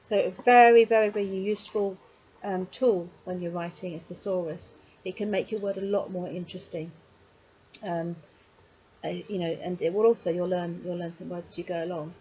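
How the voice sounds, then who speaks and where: A woman giving a casual video lesson on writing poetry, chatty and encouraging, with frequent pauses and digressions. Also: fairly low pitch, steady tone, mellow. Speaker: poetry workshop teacher. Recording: slightly dull lo-fi sound with faint noise.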